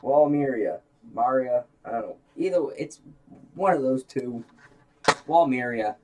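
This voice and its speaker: A man in a relaxed chat whose voice sits at an ordinary middle pitch. He talks in a dry, slightly exasperated way. He keeps correcting his partner and steering back on track. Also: moderate pace. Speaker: co-host. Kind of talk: casual chat.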